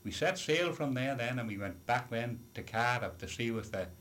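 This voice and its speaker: A man's voice: mid-range voice, expressive, normal speed, fairly bright tone, slight background noise. An older man, a retired sailor telling a long seafaring story in an oral history interview, rambling with many restarts and "you see" asides.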